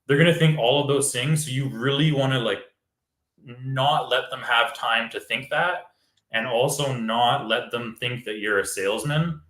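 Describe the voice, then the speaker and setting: A man's voice: mid-range voice, moderate pace, a bit bright, reverberant. A man, a real estate wholesaler, explaining step by step in casual chat and acting out sample phone calls.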